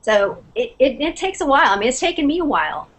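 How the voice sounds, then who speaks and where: A woman on a panel talking about clients and sales in a halting, conversational way on a video call. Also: high-pitched, sing-song, a bit bright. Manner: halting, repeats herself, conversational. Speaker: panelist, small business owner. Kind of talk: casual video call discussion. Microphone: video call webcam.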